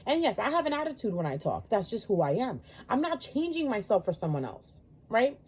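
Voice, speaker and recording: A woman reads tarot in a blunt, passionate, cursing monologue. Her pitch sits a little high and swings widely, and her tone is husky and mellow. She talks casually and directly to her viewers. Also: very animated, brisk. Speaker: tarot reader.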